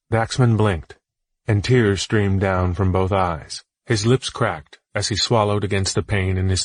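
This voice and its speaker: A man narrating an audiobook in a measured, solemn storytelling voice. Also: on the low side, dry recording.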